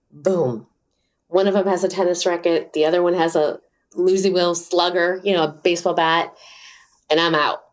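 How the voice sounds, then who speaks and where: Middle-aged woman guest, low pitch, animated candid storytelling with acted-out quotes. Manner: animated, acts out quoted voices, many fillers. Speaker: interview guest.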